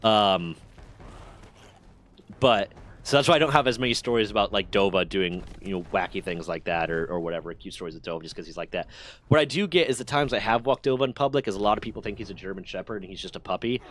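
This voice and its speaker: Profane, animated male streamer. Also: lowish voice, quick pace, a little hiss or hum. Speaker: livestream host. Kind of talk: casual storytelling to a stream chat.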